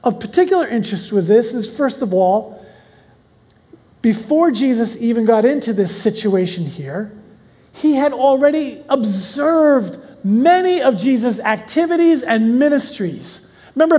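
Bible teacher reading verses aloud; measured reading, casual asides, questions to the class, long hall reverb. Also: medium pitch, mellow. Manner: reads verses slowly, then explains in a chatty way with questions to listeners.

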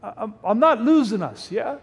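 Male pastor, sermon delivery, high voice with a swooping, lively range; hall reverb. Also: normal speed, slightly rough. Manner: animated, rhetorical questions, breaks off mid-word. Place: church sanctuary.

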